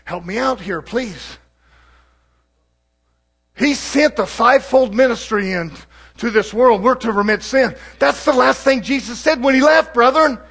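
A man preaching a sermon, swinging from low murmurs to shouted declarations and calling out to the congregation for responses. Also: animated, measured pace, long pauses, breathy edge.

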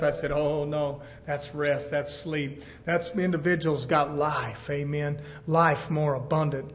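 Male preacher, high voice, fervent sermon delivery, hushed to shouting.

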